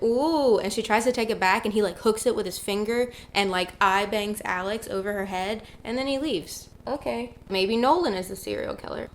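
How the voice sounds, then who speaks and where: A woman talks through the plot of a terrible movie like she is chatting with a friend. Her humor is dry and sarcastic, and she drops deadpan jokes between plot points. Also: medium pitch. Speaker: writer reviewing bad movies. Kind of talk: casual comedic movie recap.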